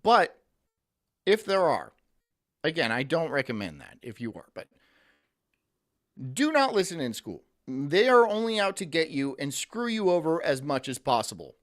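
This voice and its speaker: A man's voice: on the high side, sing-song, normal speed, long pauses, a bit bright. A man streaming, ranting profanely and reading chat messages aloud in casual commentary.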